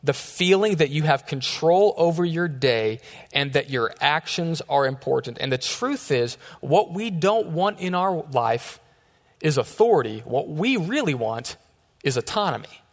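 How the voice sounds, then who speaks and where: A man's voice: on the high side, lively intonation, measured pace. A man in his thirties, a youth pastor preaching a sermon in a casual, joking storytelling way. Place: church sanctuary. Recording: echoey church hall.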